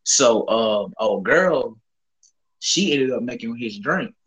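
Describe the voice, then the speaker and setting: A man's voice: mid-range voice, takes it slowly, breathy edge. A young man with a Southern US accent, co-hosting a casual barbershop chat and telling a story in profane slang. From Southern United States. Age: young adult. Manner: animated storytelling, profane slang, acts out quotes, laughs often. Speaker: co-host.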